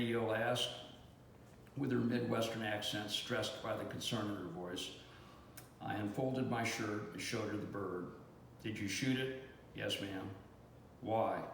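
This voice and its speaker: A man in his seventies reading his own memoir aloud in a steady, plainspoken way. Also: on the low side. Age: 70s. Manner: steady, plainspoken storytelling with mild cursing. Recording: echoey room, faint hiss.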